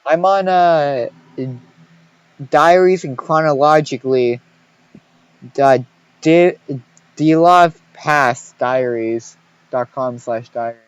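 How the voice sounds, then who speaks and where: A man's voice: a little high, slow pace, pauses often, clear, resonant tone, no echo, muffled recording. A young man on a podcast, rambling and joking as he reads old diary entries aloud, swearing and stumbling over words. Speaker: podcast co-host. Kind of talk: casual podcast chat, reading diaries aloud.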